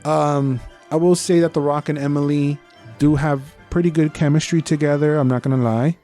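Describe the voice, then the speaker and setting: A man with a fairly high, steady voice talks at a moderate pace, his tone mellow, as faint music runs underneath. Co-hosting a podcast, he gives a laid-back movie review, swearing, dramatizing how he reacted, and blending Spanish slang into English.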